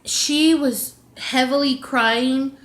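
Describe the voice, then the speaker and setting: A woman's voice: high-pitched, fairly even intonation, drawn-out words, a bit bright. A young adult woman vlogger telling a personal story in a confiding, emotional way.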